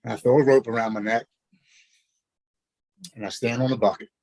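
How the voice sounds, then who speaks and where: A man, a podcast guest, telling his own story in an earnest, halting way, often repeating words as he goes. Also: mid-range voice, fairly even intonation, a little mellow, dry recording, low-quality recording. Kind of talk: personal storytelling.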